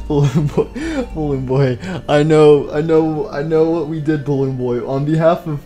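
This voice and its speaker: A man's voice: medium pitch, steady tone, a little slow, dark tone. A young man giving rambling, jokey gameplay commentary for his channel, with playful mock-mournful speeches and lots of filler. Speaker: gaming YouTuber.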